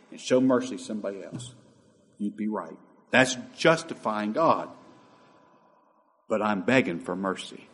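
A man preaching a sermon with passion, moving between loud emphatic lines and quiet, hushed asides. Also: mid-range voice.

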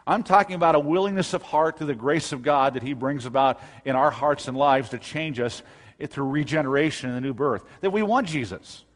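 Guy preaching a sermon, kinda high voice, gets loud and punchy, echoey church hall. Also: a little fast. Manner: emphatic preaching, rising to loud bursts. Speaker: pastor. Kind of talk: expository sermon.

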